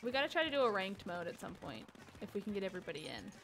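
A woman's voice: medium pitch, big pitch swings, rapid-fire, a bit bright, slight background noise. A woman hosting a charity game stream, chatting casually, swearing freely and reading out donations. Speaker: stream host. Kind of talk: casual chat while gaming.

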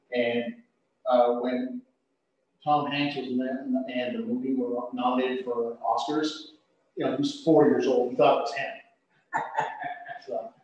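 Man guiding a yoga class, echoey room. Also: medium pitch. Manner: relaxed, unhurried cueing with frequent uh fillers. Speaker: yoga instructor. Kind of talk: yoga class instruction with trivia. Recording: echoey, distant, dull studio audio.

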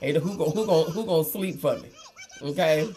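A woman, hosting a casual makeup livestream and chatting warmly with viewers. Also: low-pitched, normal speed. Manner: chatty, reads viewer comments aloud, calls them girl and honey. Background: faint Christmas music.

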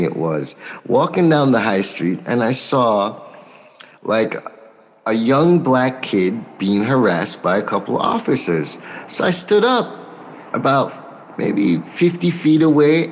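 An American man talks through an interview as a record producer. He is measured and unhurried, pausing often with soft fillers, yet stays forthright and outspoken. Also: medium pitch, a little hiss or hum. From United States. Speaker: record producer and label owner. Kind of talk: interview answers.

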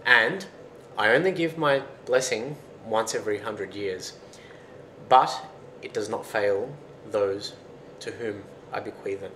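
A man's voice: fairly low pitch, slow pace, bright, forceful tone. Man playing a solemn fairy woman. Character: mysterious female fairy or goddess granting blessings. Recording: roomy with faint noise.

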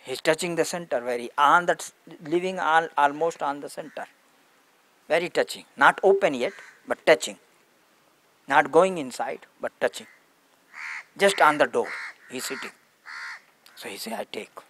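Slow-telling spiritual teacher, simple English. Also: male voice, fairly high pitch, lively intonation, pushed and bright, a little hiss or hum. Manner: slow, simple broken English with many repetitions. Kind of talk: satsang storytelling.

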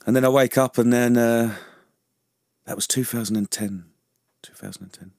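A man's voice: mid-range voice, steady tone, moderate pace, creaky, a little mellow, no echo, clean studio sound. A man, a veteran guest in a radio interview, who talks chattily, laughs often and keeps asking "you know what I mean?". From London. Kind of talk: casual interview chat. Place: radio studio.

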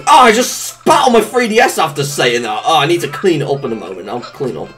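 A woman's voice: deep voice, sing-song, fast talker, fairly bright tone. A woman doing casual, goofy gameplay commentary as a let's play gamer, rambling and laughing at her own jokes. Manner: goofy, rambling, breaks into silly sing-song asides. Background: faint video game music.

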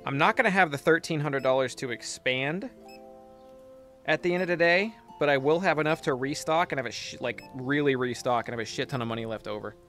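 A man's voice: mid-range voice, brisk, fairly bright tone, soft background music. A young man streaming a game, chatting casually and telling a profane story while reading chat.

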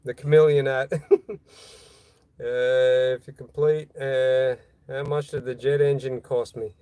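A man's voice: mid-range voice, little pitch movement, slow, dark tone, smooth, no echo. A man chatting casually on a phone livestream from a boatyard, reading viewer comments in a rambling, self-deprecating way with frequent chuckles. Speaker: vlogger hosting a livestream. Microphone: phone held in hand.

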